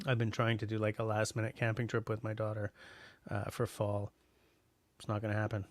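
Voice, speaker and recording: A man's voice: fairly low pitch, monotone, fairly quick, dry recording. A middle-aged man from Canada hosting a casual livestream, reading out chat messages and rambling with lots of restarts and fillers.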